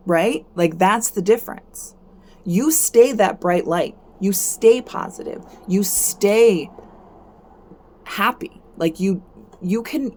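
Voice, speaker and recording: A woman with a slightly low voice talks casually and encouragingly, like a host chatting on her stream. She repeats phrases and tags "right?" onto nearly every point. Her pitch leaps when she gets worked up. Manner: keeps asking "right?", repeats herself, rises sharply when animated. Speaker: host of a card-reading stream. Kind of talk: casual motivational talk.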